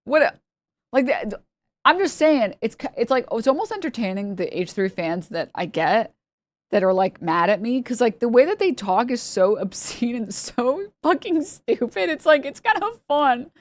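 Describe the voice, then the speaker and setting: On her live stream, a woman chats casually in a somewhat high, sing-song voice at a moderate pace. She rambles, leans on fillers, and laughs a lot.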